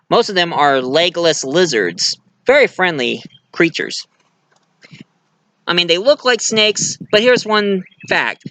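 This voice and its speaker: A man's voice: a little high, sharp tone. A man giving a casual movie review, retelling the plot in a rambling way with fillers and restarts.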